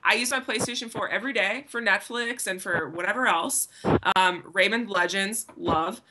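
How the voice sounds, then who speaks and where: A woman's voice: medium pitch, normal speed. Chatty woman co-host over background noise. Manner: chatty, raises a topic for discussion. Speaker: podcast co-host. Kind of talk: casual chat.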